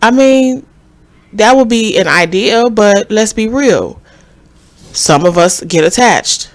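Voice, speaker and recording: A woman's voice: medium pitch, expressive, slow pace. A woman co-hosting a casual podcast chat, speaking bluntly and offhand.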